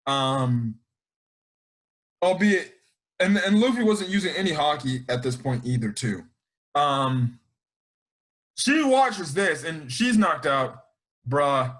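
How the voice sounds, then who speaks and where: High, lively excitable man reviewing anime. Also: slow pace, long pauses. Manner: excitable, slangy, rambling with many restarts. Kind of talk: casual chat.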